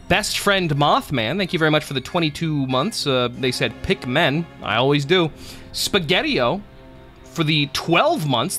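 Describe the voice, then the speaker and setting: A man's voice: a little high, bright, forceful tone. A man streaming live gameplay, chatting casually in a rambling, profane, jokey way and thanking viewers.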